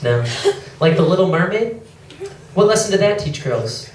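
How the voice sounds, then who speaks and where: A young man doing stand-up comedy, self-deprecating and quick to apologize for his jokes, slipping into mocking voices of others. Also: high-pitched, lively intonation, distant mic, noisy background. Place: comedy club stage. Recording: echoey club, mic heard from afar, crowd laughter. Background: audience laughing.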